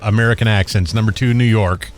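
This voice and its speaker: A man's voice: lowish voice, fairly even intonation, fairly quick, a little hiss or hum. A man co-hosting a casual talk show, speaking briefly and dryly. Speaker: co-host. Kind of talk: casual radio chat.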